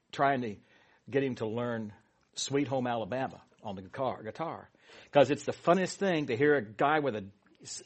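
A man leading a Bible study with a prayer, then teaching in a casual, rambling way with many asides and fillers. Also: medium pitch.

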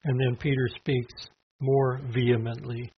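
A man's voice: medium pitch, flat delivery, measured pace, husky. A man teaching through a Bible passage verse by verse, talking conversationally with asides and fillers. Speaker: preacher. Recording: dull lo-fi recording.

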